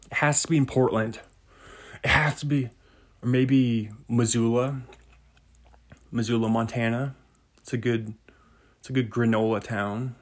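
A man hosting a casual solo podcast, rambling and laid-back, laughing at his own jokes. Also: mid-range voice. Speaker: podcast host. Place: home sauna.

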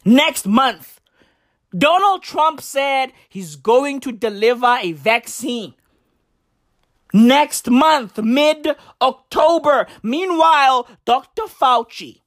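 A woman rants in a brash, swaggering comic voice, her fairly high pitch leaping all over the place. She takes her time, stretching lines out slowly for effect. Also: expressive. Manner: brash, swaggering slang-heavy rant with wild pitch swings. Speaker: comedian. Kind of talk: comedic rant.

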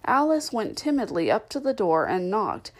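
A woman's voice: medium pitch, sing-song, rough recording. Woman reading a storybook aloud. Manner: measured, clear storytelling with occasional slips. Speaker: narrator. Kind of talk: audiobook reading of a classic novel.

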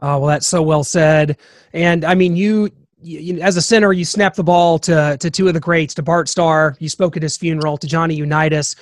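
A man's voice: fairly high pitch, fairly even intonation, moderate pace, no room sound, studio quality. A man hosting an interview, asking long questions with many fillers and restarts. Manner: hesitant, filler-heavy phrasing. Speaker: podcast host.

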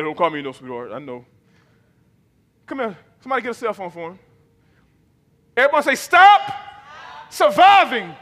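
A man's voice: a little high, fairly bright tone. A man preaching a sermon as pastor, calling on the congregation to repeat his lines back in an emphatic, rhythmic manner. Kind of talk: sermon with call and response. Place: church sanctuary. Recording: long reverb of a large hall.

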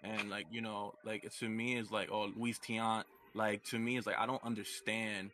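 Lowish forceful guy cohosting a sports podcast, rambly, says like a lot. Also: level tone, normal speed. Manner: rambling, full of "like" and "you get me". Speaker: podcast co-host. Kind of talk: casual sports chat.

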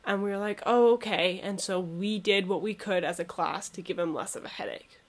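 A woman's voice: mid-range voice, steady tone, a little fast. A teenage girl in casual chat about school, talking in a chatty, slangy way.

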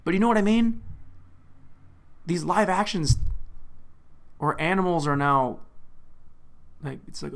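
A young man hosting a casual comedic rant, animated and exasperated, with frequent swearing. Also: high voice, a little slow, vocal fry, long pauses. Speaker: host.

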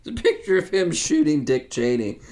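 Lively crude-joking man. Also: on the high side, brisk. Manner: crude deadpan one-liners, breaks into laughter. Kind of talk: loose comedic banter.

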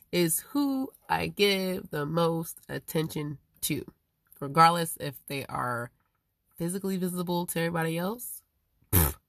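A woman in a rambling, profane casual monologue, swinging between loud emphatic outbursts and low muttering. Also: no echo, clean studio sound.

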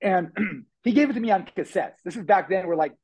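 A man telling his life story as a guest on an interview podcast, animated, acting out quotes with lots of fillers. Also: high-pitched, brisk, slightly rough, poor audio.

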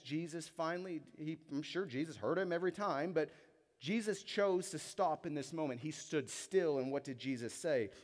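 A young man preaching a sermon in church, acting out the voices in the story and dropping to soft, intense tones. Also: a little high, in a large hall. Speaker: pastor. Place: church hall.

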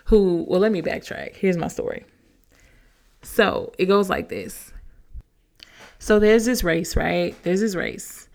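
Young woman podcast host, lowish gravelly voice, chatty and slangy, telling a story all animated. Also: normal speed. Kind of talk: casual motivational talk.

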